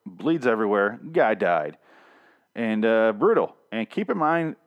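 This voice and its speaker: Rambling, profane man recapping comics. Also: on the low side. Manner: rambling, profane, many restarts and fillers. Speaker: comic reviewer.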